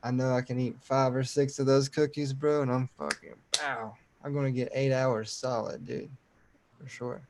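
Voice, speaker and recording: A man guesting on a casual podcast over a remote call, relaxed and slangy, calling the host dude and bro. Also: mid-range voice, moderate pace, noisy background. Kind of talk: casual chat.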